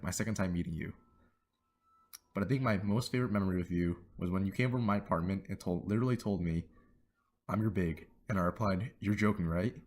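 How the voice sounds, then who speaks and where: A young man giving a teasing, affectionate farewell message to a graduating friend. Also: low-pitched. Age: young adult. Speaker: student club member.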